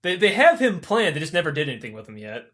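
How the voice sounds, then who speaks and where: A young man hosting a podcast, retelling myths in a profane, animated, comedic way and laughing often. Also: fairly high pitch, quick pace. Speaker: podcast host. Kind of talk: comedic casual storytelling.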